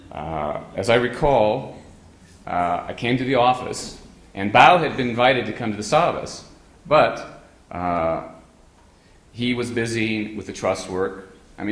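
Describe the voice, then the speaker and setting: Brief: low-pitched male speaker, rambling humorous anecdotes to an audience, hall echo. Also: expressive, a little slow. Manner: rambling anecdotal delivery, frequent hesitant fillers. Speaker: guest speaker. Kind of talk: humorous storytelling talk to a live audience. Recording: roomy hall sound with faint ambience.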